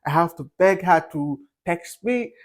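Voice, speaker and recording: A young man with a notably high voice shares his views in a loose, unscripted monologue. He speaks candidly and wanders from point to point, often restarting his sentences and filling the gaps with "uh" and "you know". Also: lively intonation, measured pace. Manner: candid, rambling, with frequent fillers and restarts. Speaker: vlogger. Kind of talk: casual opinion monologue.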